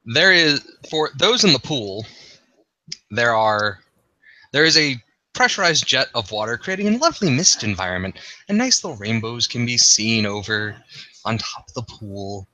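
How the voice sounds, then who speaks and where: Lively bright-voiced man running a game. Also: mid-range voice, no echo, low-quality recording. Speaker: game master. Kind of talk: narrating a tabletop game. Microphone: computer mic.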